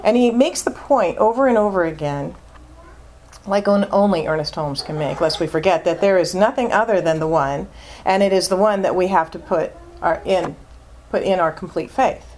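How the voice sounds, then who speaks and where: A woman's voice: lowish voice, normal speed, darkish tone, a little hiss or hum. Emphatic woman giving a sermon. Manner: emphatic, repeats words for stress. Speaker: minister.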